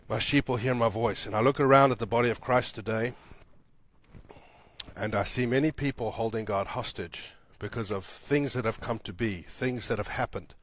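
A man preaching a sermon as pastor, repeating lines for emphasis, building loud and high, then dropping soft and low. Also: normal speed. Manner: swells louder and higher when building to a point, then drops soft and low.

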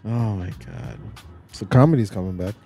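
A man's voice: on the low side, normal speed, over loud music. A man co-hosting a podcast, chatting loosely, joking and swearing freely with his friends. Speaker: podcast co-host. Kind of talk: casual chat.

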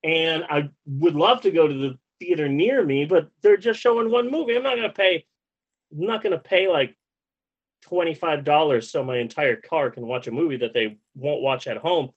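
High-voiced man ranting profanely. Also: normal speed, slightly rough, highs cut off. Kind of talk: casual ranting chat.

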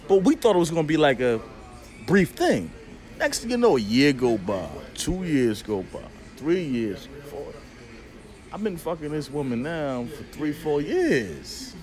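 Man, podcast guest, casual storytelling, lively swinging pitch, slightly high voice, profane, acts out quotes. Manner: animated, profane, acts out dialogue.

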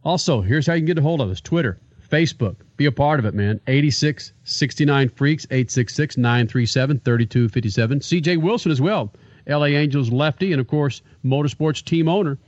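A man's voice: medium pitch, a little fast, a little mellow, no echo, dull audio. A man hosting a radio show, reflecting on a driver and then promoting upcoming segments in an upbeat way.

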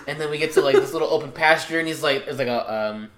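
A man's voice: a little high, fast. A young man telling a story in casual chat, swearing freely and acting out what people said. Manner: profane, animated storyteller acting out quotes. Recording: echoey room.

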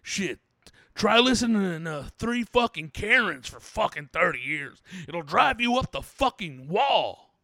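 Man doing an angry foul-mouthed middle-aged ranter; loud, pitched up, dry. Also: very animated, a little slow, creaky, no room sound, heavily acted. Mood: fuming. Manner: profane, ranting, keeps raising his voice. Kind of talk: comedic character rant.

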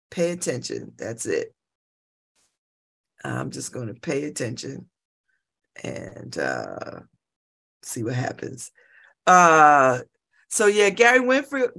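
A woman's voice: lowish voice, a bit bright. A woman hosting a radio talk show, chatting casually, laughing and repeating herself.

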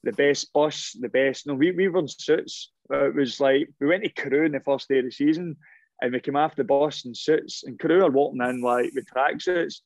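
A man's voice: medium pitch, normal speed, no room sound. A middle-aged man, a former footballer, telling long rambling anecdotes in a casual interview, restarting his sentences often.

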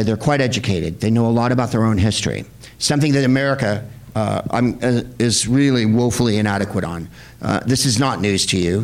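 A man hosting a film screening, talking to a live audience in a rambling, sardonic, profane comic style. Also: creaky. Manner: rambling, sardonic, profane, with sudden high-pitched put-on voices.

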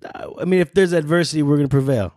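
A young man chatting casually as podcast co-host, laid-back and low-key. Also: fast, mellow, no room sound, studio quality. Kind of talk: casual chat.

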